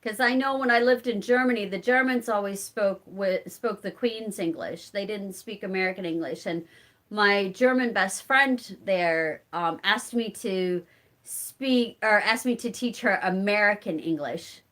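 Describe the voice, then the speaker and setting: In a medium-pitched, slightly bright voice, a woman takes her time responding to her live chat. She hosts the stream casually, naming viewers as she answers and laughing often, and her accent marks her as from a rural Southern Illinois community.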